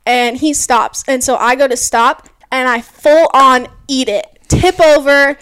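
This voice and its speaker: High-voiced young woman telling a story. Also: a little slow, clean tone. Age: early 20s. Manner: animated, lots of "like", acts out quotes. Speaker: mountain bike racer guest. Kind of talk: casual interview storytelling.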